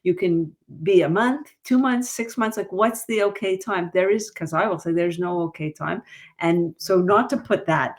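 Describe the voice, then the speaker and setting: A woman grief counselor and author talking in an interview, lively and jumping high in pitch when she quotes people. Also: moderate pace. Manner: animated, rises high when quoting others. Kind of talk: conversational interview.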